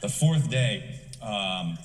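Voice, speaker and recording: A man's voice: lowish voice, expressive, very slow. A man doing stand-up, telling a confessional story with crude words and acted-out dialogue. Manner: profane, confessional, acts out dialogue. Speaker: stand-up comedian. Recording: roomy hall sound from far off with music.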